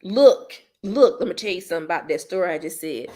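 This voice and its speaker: A woman hosting her own channel, chatting casually with viewers in a blunt, slangy, teasing way and breaking into loud playful laughter. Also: fairly low pitch, animated, fast. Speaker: host of a commentary channel. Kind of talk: casual chat reacting to viewers.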